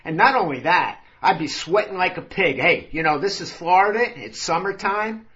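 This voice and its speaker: A man's voice: high-pitched, animated, normal speed, sharp tone, highs cut off. A man voicing a whiny middle-aged patient with a bad heart who protests and pleads his way out of exercise. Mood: protesting.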